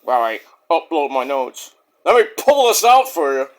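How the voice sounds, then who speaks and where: High, lively man ranting about wrestling. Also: moderate pace. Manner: profane, jokey, rambling. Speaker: wrestling show reviewer. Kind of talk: casual rambling review.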